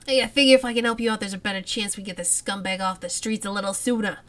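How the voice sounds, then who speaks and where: A woman voicing a gruff middle-aged male coroner in a role-playing game, reading his lines in a clipped, matter-of-fact way. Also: mid-range voice, fairly even intonation, fast, lightly acted. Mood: brisk.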